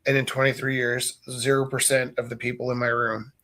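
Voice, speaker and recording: A man's voice: medium pitch, fairly quick. Chatty man in his forties telling classroom stories. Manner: animated, acts out his students' voices; loose and joking. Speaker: art teacher painting live. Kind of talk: casual storytelling while painting.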